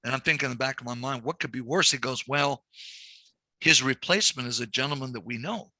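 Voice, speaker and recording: In a recorded banking class, a male instructor speaks a little fast at medium pitch, over dry audio. He goes through the figures step by step and livens things up with stories that include quoted dialogue.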